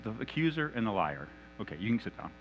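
Animated conversational preacher man. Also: lowish voice, fast talker, dull audio, slight background noise. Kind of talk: sermon.

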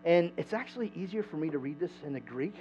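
A man preaching a sermon in a church, conversational and animated, asking the congregation questions. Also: on the high side, fast. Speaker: pastor. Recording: dull lo-fi sound with mains hum.

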